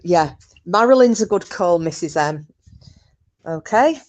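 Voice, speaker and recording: A woman's voice: fairly low pitch, expressive, unhurried. A woman hosting a casual livestream, chatty and giggly, greeting viewers and reading their chat messages aloud with self-mocking humour. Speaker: livestream host.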